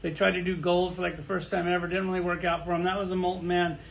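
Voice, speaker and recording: A man's voice: high voice, flat delivery, fast talker, vocal fry, a little hiss or hum. A middle-aged man ranting bluntly and crudely, firing off rhetorical questions in a profane monologue. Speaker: toy collector vlogger.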